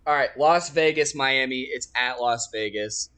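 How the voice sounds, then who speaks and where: A man's voice: mid-range voice, measured pace, pushed and bright, clean tone. A young man co-hosting a casual sports chat, teasing and swearing freely as he makes his picks. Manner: profane, wry and teasing. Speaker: podcast co-host making picks.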